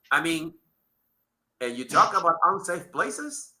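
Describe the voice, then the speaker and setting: Host, male, high and very bright voice, profane heated rants. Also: big pitch swings, a little slow, pauses often. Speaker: podcast host. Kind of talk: wrestling talk show.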